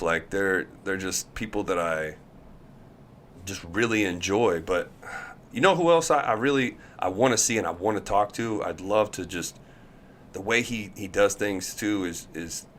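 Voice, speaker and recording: A man telling stories as a podcast guest, lively and acting out the people he quotes. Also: deep voice, a little hiss or hum. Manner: animated storyteller, acts out quoted voices. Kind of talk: casual storytelling chat.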